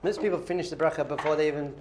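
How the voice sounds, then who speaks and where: Animated rabbi teaching a class. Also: male voice, a little high, very fast, background noise. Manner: animated, playful, quizzing the audience. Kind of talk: lively classroom teaching with questions to students.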